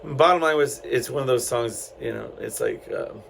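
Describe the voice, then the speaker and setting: A middle-aged man from San Antonio hosts his own podcast, telling a story in a casual, meandering way with lots of fillers. His voice has a heavy gravelly fry at a middling pitch. A faint background hiss sits under him. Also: moderate pace, a bit bright, poor audio. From San Antonio, Texas. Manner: rambling, loose, many fillers and restarts. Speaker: podcast host.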